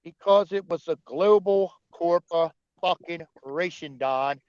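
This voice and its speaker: Man, heated profane rant, fairly high voice, dull dry lo-fi stream sound. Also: takes it slowly, a little mellow, clear, resonant tone, no echo. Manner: profane, angry, argumentative. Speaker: livestream host.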